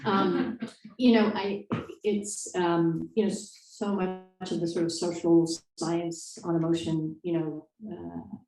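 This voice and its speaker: A woman's voice: on the low side, flat delivery, slow, dark tone, faint music behind. A woman author answering interview questions in a thoughtful, hesitant way, with many fillers and restarts. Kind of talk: conversational interview. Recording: echoey room, distant mic.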